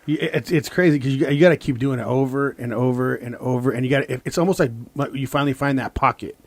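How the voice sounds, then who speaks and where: A man's voice: medium pitch, fast. A man with a mid-range voice hosting a podcast, laid-back and full of slang, enthusiastic as he reads out listener comments. The sound is dry and close, with no room echo. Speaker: podcast host. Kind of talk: casual podcast chat.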